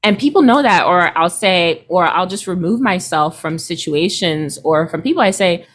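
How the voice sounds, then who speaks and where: A woman's voice: fairly low pitch, moderate pace. Chatty woman in her thirties. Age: 30s. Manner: chatty, animated, quotes people in put-on voices, laughs often. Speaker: interview guest, hypnotist. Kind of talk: casual interview chat.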